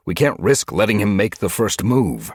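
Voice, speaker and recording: A determined tomcat leader speaks firmly and insists on action, as a man reads him in an audiobook. His voice is husky and lively in pitch, recorded close and dry. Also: moderate pace, dry recording. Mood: insistent. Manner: firm, insistent. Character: stern male cat clan leader, determined. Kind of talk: audiobook character voice.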